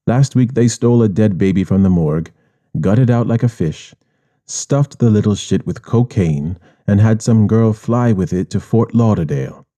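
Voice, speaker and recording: A man's voice: lowish voice, mellow, close to an everyday voice. A man voicing a sly male drug middleman, taunting and dropping in Spanish words, in an audiobook. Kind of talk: audiobook character voice.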